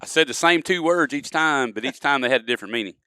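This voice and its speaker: A man's voice: medium pitch, fast, pushed and bright, clean tone, no echo, studio quality. A man, a podcast guest, telling folksy stories and acting out examples in casual conversation. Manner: folksy storyteller, acts out examples. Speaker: guest, duck-calling expert. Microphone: studio podcast mic.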